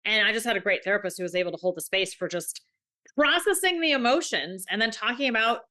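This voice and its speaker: A woman co-hosting a podcast in casual chat, animated and acting out little quoted voices as she tells stories. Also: mid-range voice, fast. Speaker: podcast co-host.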